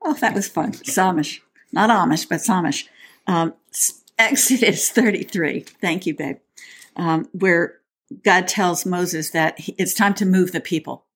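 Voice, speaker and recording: Lady podcast cohost, lowish voice, chatty and playful, reads scripture out loud. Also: measured pace, husky. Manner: chatty and playful, with frequent restarts. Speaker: podcast co-host. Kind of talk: casual chat with scripture reading.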